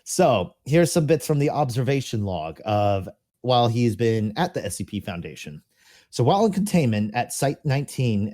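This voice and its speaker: A man's voice: medium pitch, dark tone. A man co-hosting a podcast, reading documents aloud and chatting about them, with laughs now and then. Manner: reads text aloud, then chats with frequent laughs. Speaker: podcast co-host. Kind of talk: casual reading and discussion.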